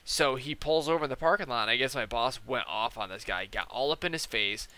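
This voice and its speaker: A young man talks over his gameplay in a brisk, medium-pitched voice that sounds pushed and bright. He tells stories full of slang and swearing, leans hard on "like" and "dude," and imitates the people he quotes with altered voices.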